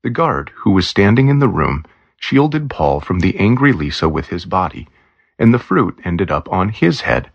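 A man reading a story aloud in plain, even storybook narration. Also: sits low, moderate pace, creaky, no room sound, highs cut off.

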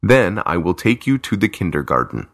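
A man's voice: low-pitched, sing-song, moderate pace, dry recording, studio quality. A man voicing a young caring older brother.

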